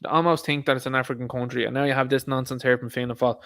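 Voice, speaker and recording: A man's voice: medium pitch, fairly even intonation, racing, a bit bright. A man with an Irish accent giving a casual, ranting political commentary, sarcastic and exasperated.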